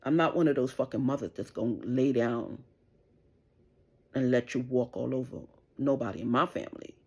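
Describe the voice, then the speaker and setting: A woman's voice: a bass voice, moderate pace, a little mellow, breathy edge. A middle-aged woman venting an angry, profane rant straight to camera, jabbing with "you understand?" over and over. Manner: profane, confrontational, keeps asking "you understand?". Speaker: vlogger.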